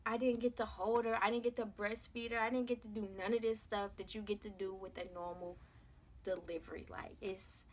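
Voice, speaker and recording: A woman's voice: medium pitch, little pitch movement, fairly quick. Young woman, vlogger, emphatic and conversational storytelling. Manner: emphatic, conversational, slangy, repeats phrases for stress. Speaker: vlogger, mother sharing her birth story. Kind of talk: candid storytelling to camera.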